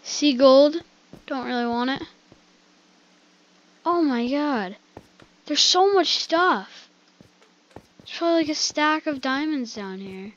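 A young woman gamer giving excitable, jokey live commentary and talking to her viewers as she plays. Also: sits high, takes it slowly, pauses often, lo-fi sound.

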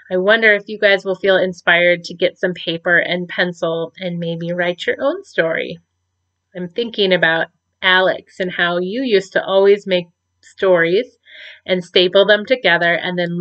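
A woman teacher reading a storybook aloud to children in an expressive, gentle voice. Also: lowish voice. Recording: dull lo-fi recording.

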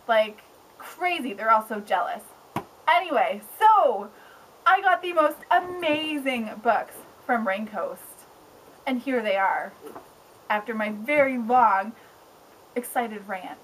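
A young woman book blogger chatting casually on camera at home, excitable and rambling, with lots of "like". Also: high voice, a little slow, low-quality recording. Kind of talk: casual vlog chat. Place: home with pets around.

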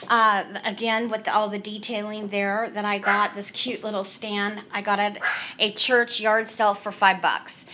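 Woman, middle-aged, chatty, rambling, home tour, bright voice, handheld camera. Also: medium pitch, flat delivery, a little slow, a little hiss or hum. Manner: chatty, rambling, frequent "so anyhow". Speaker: home decor vlogger. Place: in her family room at home.

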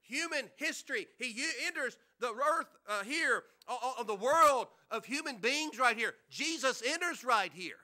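High-voiced, bright preaching man. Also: expressive, normal speed, hardly any pauses. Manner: conversational preaching, rhetorical questions, repeated words. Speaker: pastor. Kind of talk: sermon. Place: church.

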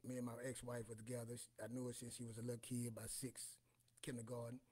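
A man's voice: medium pitch, monotone, fast, warm tone, slightly rough. A man in his forties hosting a casual talk, rambling through personal stories and often repeating "you know what I'm saying". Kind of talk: casual storytelling monologue.

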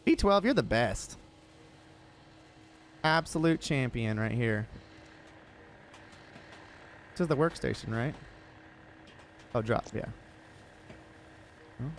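A man streaming a game live, reacting excitably and talking to the characters and to his chat. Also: mid-range voice, slow, long pauses. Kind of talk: live gameplay commentary. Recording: noisy background.

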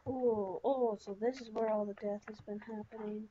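A woman giving casual gameplay commentary, talking to herself and breaking into panicked yelps and shouts when startled. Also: mid-range voice, steady tone, normal speed, hardly any pauses, background noise. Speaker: gaming YouTuber. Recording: slightly dull lo-fi sound.

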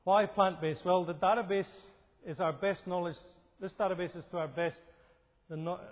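A man giving a health seminar talk in a church, conversational and asking his audience questions. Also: high voice. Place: church hall. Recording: lo-fi recording with hall reverb.

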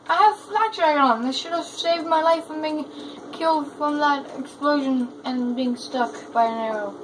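A high-voiced woman chats through her gameplay at an unhurried pace, breaking into excited exclamations. The capture is noisy, with game sounds underneath. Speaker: gamer. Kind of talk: casual gameplay commentary.

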